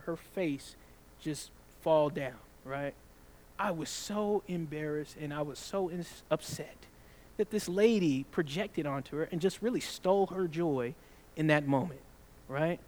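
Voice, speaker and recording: A man from the Southern United States preaching a sermon, emphatic, drawing out scripture slowly and often adding "right?". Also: high voice. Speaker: pastor.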